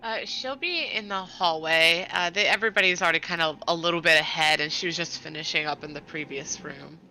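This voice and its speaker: A woman plays a tabletop game with the group, talking in a chatty, easygoing way. Her voice is very bright and crisp, with a touch of edge. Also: deep voice, a little fast, slight background noise, poor audio. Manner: chatty, laughs easily. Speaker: player. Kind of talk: casual tabletop play.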